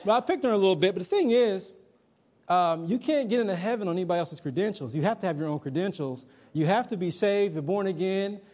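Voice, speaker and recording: High-voiced man preaching conversationally. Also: expressive, fast talker, darkish tone. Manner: conversational, personal anecdotes, emphatic. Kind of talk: sermon to a young congregation.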